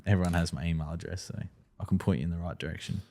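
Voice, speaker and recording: A man co-hosting a casual podcast, with dry dark humour. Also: low voice, racing, vocal fry. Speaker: podcast co-host. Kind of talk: casual banter.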